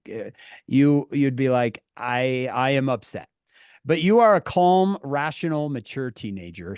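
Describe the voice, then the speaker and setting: Animated man teaching on a video call. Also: on the high side, clean tone, no room sound, studio quality. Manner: animated, acts out dialogue in different voices. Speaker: teacher of teenagers. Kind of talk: online class teaching.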